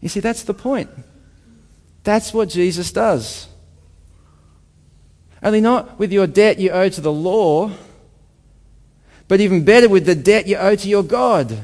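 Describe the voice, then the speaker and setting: A man's voice: sits high, unhurried, pauses often. Man preaching in a reverberant hall. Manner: emphatic, rhetorical questions, dropping soft for reflection. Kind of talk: sermon. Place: church hall with congregation.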